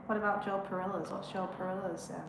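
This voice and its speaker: A woman chips in with short, teasing remarks during a casual livestream chat. Her pitch sits in the middle range. A roomy echo and a clear layer of background noise surround her voice. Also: little pitch movement, fast talker. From northern England. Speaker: co-host of a travel channel.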